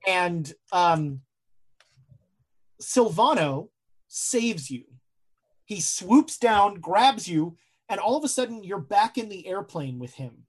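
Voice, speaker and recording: A woman narrating a horror tabletop game as game master, slow and dramatic, with halting fillers as she searches for words. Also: medium pitch, very animated, breathy edge.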